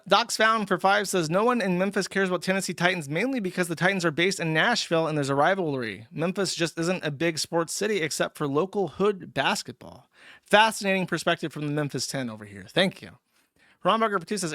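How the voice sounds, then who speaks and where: A man's voice: sits high, lively intonation, brisk, a bit bright, dry recording, clean studio sound. A man hosting a livestream, reading viewer messages aloud and answering them with blunt, profane, mocking commentary.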